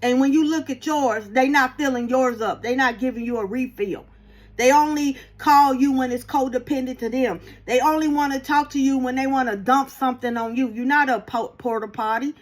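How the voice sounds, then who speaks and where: A woman's voice: high-pitched, moderate pace. A woman spiritual reader giving a blunt, sassy motivational tarot message, swearing freely and calling listeners baby and y'all.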